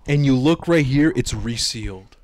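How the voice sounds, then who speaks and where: Young male podcast co-host, mid-pitched, casual and profane storyteller who acts out every quote. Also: normal speed. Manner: animated, swears a lot, acts out his own quotes.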